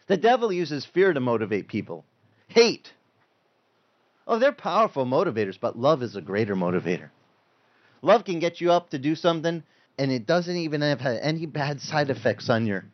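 A man's voice: a little high, muffled recording. A male pastor preaching a sermon in a conversational way, quoting scripture as he goes.

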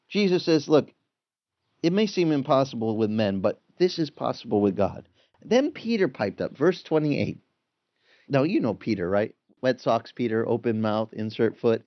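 Lively man preaching a casual sermon. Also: a little high, muffled recording. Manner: animated, conversational preaching with acted-out voices. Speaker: pastor.

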